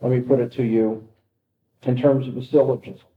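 A man's voice: mid-range voice, level tone, moderate pace, a little hiss or hum. Man lecturing, reading aloud dramatically. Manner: dramatic reading with rising intensity. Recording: echoey, tinny phone-like audio.

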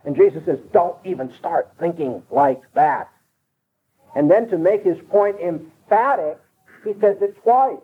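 Guy preaching a sermon, kinda high voice, leans hard on his points, sounds like an old radio broadcast. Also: unhurried, breathy edge. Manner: emphatic, repeats points with rising pitch. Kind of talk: expository sermon. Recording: tinny phone-like broadcast sound.

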